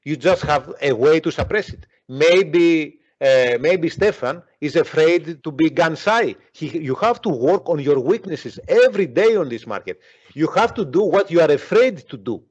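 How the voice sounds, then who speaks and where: A man coaching traders in blunt, forceful talk that repeats itself and swears freely. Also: on the high side, expressive, normal speed. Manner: forceful, profane, repeats himself. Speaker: trading coach. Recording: dull lo-fi audio.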